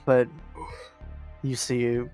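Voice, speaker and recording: Relaxed man running a tabletop game. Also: mid-range voice, very slow, faint music behind. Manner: relaxed, frequent ums, laughing asides. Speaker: game master.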